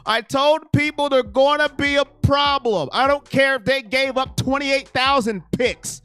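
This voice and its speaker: A man hosting a casual live sports stream, reading chat comments and ranting with excitement, sometimes shouting and then dropping to a mumble. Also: very high-pitched, normal speed, hardly any pauses, no echo, soft background music.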